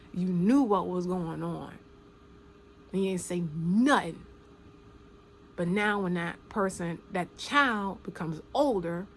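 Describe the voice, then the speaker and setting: A woman giving casual spoken commentary, talking emphatically with slang, repeating phrases for stress and sometimes dropping to a hushed near-whisper. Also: lowish voice, slight background noise.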